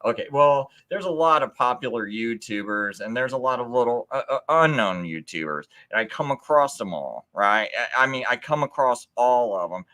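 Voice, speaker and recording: A man's voice: expressive, moderate pace, few pauses, pushed and bright. A man calling into an open mic show, arguing in a rambling, stammering way and acting out the people he quotes. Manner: rambling, stammering, repeats words; acts out quoted friends in a higher voice. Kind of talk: heated casual debate.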